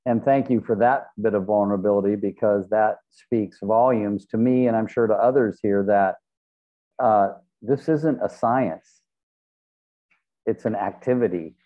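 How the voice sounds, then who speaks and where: A man from Fremont, California, hosting an interview, responding in a reflective, affirming and measured way. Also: fairly low pitch. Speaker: podcast host. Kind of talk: interview conversation. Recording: tinny phone-like line.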